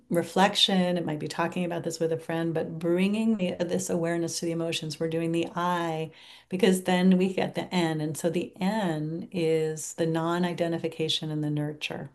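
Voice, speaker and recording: A woman giving a reflective teaching talk on mindfulness, turning gentle and soft when she models kind self-talk. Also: fairly low pitch, vocal fry. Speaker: meditation teacher.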